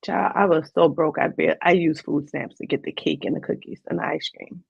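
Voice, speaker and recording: A woman's voice: low-pitched, steady tone, moderate pace, gravelly, breathy edge, dry recording. A woman, a guest on an interview show, earnestly retelling a personal story in vivid detail. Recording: dull lo-fi dry sound.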